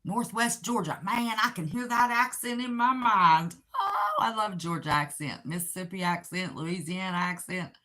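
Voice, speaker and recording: A woman's voice: on the low side, expressive, normal speed, hardly any pauses, sharp tone. A tired, chatty middle-aged woman from Southern West Virginia with her own accent, rambling through a casual livestream and reading viewer comments aloud. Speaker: livestream host.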